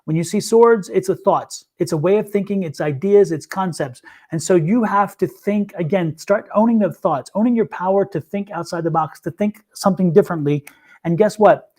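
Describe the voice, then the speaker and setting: A man's voice: high-pitched, moderate pace, a little mellow. A man reading tarot on a livestream, telling stories earnestly and often repeating himself mid-thought. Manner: earnest storyteller, repeats and restarts phrases. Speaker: tarot reader, co-host.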